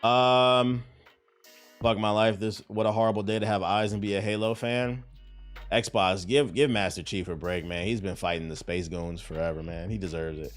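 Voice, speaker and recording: A man hosting a casual gaming news show, telling stories in a profane, animated way. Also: fairly low pitch, normal speed, faint music behind.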